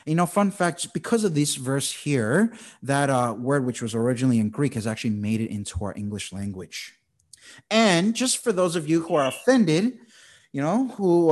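Pastor in his thirties, conversational Bible teaching, slightly high voice with a very lively, swinging pitch. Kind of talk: sermon.

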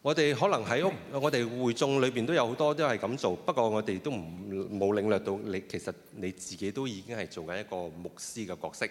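A man's voice: on the low side, fast talker, few pauses. Hesitant male interpreter in a reverberant hall. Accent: Cantonese. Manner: hesitant, with frequent fillers and restarts. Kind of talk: consecutive sermon interpretation. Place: church hall.

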